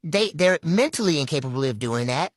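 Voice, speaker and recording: A woman with a low voice that rises and falls a great deal delivers critical commentary. She presses her points hard and repeats phrases for weight, recorded dry and close. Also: animated, a little fast, dry recording. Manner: emphatic, critical, repeats for stress. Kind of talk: opinion commentary.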